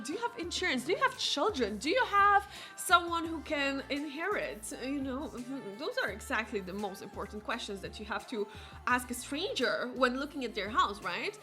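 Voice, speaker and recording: A woman's voice: high voice, big pitch swings, normal speed, bright, forceful tone, soft background music. A woman streaming a life-sim game live, chatting and giggling with her viewers. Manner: giggly, chats with viewers between lines.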